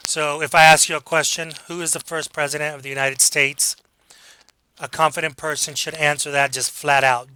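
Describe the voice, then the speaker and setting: A man teaching a communication class, talking through examples in a relaxed, conversational way and acting out quoted lines. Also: a little high, smooth, rough recording. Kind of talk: recorded online lecture.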